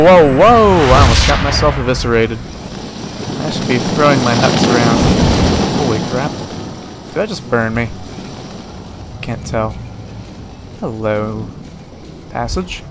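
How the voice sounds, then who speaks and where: A man's voice: mid-range voice, background noise. Rambling young man narrating a game. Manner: rambling, jokey, talks to game characters. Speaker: let's play host. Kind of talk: casual gameplay commentary.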